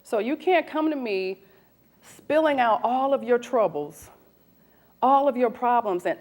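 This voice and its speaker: Animated woman recruiter in her forties. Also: a little high, a little slow. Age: 40s. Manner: animated, asks the audience questions. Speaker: recruiter giving a talk. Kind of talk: lively presentation to an audience.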